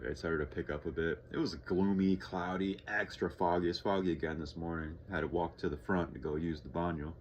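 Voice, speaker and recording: A man's voice: deep voice, lo-fi sound, slight background noise. A young man from Texas talking casually in a vlog, rambling, swearing freely and sighing often. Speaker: vlogger.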